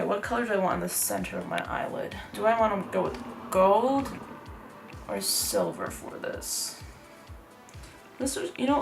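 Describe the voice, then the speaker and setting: A woman's voice: mid-range voice, creaky. A young woman chatting casually through a makeup tutorial, rambling with lots of "like" fillers. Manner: chatty, rambling, heavy use of "like". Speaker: beauty vlogger.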